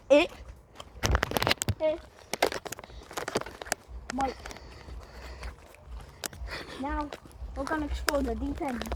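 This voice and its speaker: A woman playing a boastful Australian explorer man. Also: high voice. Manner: says "mate" constantly, stumbling restarts, boastful. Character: brash bumbling Australian male nature explorer. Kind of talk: comic mock nature show hosting. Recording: loud background noise.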